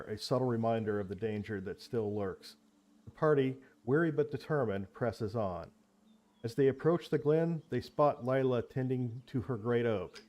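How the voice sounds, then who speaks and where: A man running a tabletop role-playing game as game master, narrating scenes in a descriptive, measured way. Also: mid-range voice, mellow.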